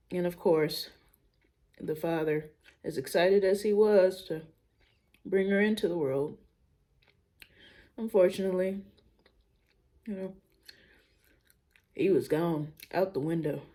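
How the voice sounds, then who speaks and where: Young adult woman, casual vlog, candid, thinking aloud, low mellow voice, very slow delivery. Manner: candid, musing out loud, casual slang. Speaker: vlogger. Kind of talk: casual personal vlog talk.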